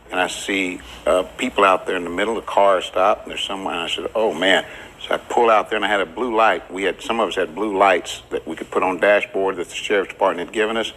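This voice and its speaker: An older man with a drawl recalls past events for a documentary interview. His voice is bright and sits a little low, and he slips into the voices of the people he quotes. The telling is plain and unhurried. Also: slight background noise, poor audio.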